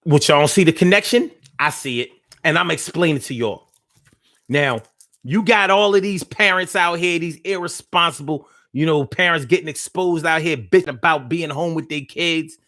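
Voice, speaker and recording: A man's voice: on the high side, moderate pace, pushed and bright, no echo, studio quality. Loose, profane male live-show host. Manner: loose, profane, slang-heavy ranting; teasing, talks straight to listeners. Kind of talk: casual live-stream talk.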